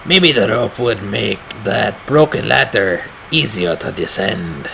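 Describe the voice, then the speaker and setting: A man putting on a strained, raspy voice to read a game's horror narration slowly and grimly. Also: lowish voice, animated, pushed and bright, a little hiss or hum, full character voice, poor audio. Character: gravelly grown man narrating his own horror story.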